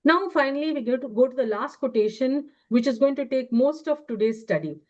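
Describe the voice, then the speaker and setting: A woman leading a study class. She reads quotations aloud and explains them in a measured way, pausing often on fillers. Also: high voice, animated, a little mellow. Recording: dull lo-fi recording.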